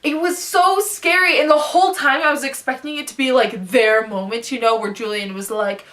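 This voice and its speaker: A young woman ranting about a book in a casual, excitable, gushing way, rambling from point to point. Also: a little high, moderate pace, hardly any pauses. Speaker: book vlogger. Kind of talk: casual book review rant.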